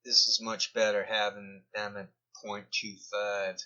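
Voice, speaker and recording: A man's voice: fairly low pitch, flat delivery, unhurried, sharp tone. A man giving rambling commentary over a screen recording, often trailing off mid-thought, captured in a dull lo-fi recording. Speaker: video commentator.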